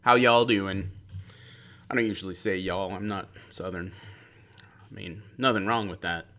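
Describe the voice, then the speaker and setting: A man's voice: low-pitched, fairly even intonation, normal speed, bright, forceful tone. A man from central Pennsylvania talking casually to camera in a rambling, chatty way, full of asides and self-corrections. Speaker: vlog host. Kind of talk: casual monologue.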